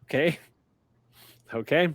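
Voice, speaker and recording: A man's voice: slow, no room sound. A man narrating a tabletop game as game master, rambling a little with restarts.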